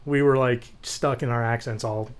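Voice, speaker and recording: Speaking at a moderate pace in a mid-range voice, a man co-hosting a podcast spins lively stories in casual conversation, cursing liberally as he goes.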